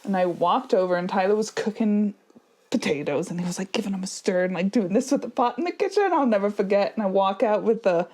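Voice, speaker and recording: This is a woman in her thirties with a mid-range voice, co-hosting a podcast and sharing stories in a loose, chatty way. Expect plenty of energy, regular laughter, and quick tangents.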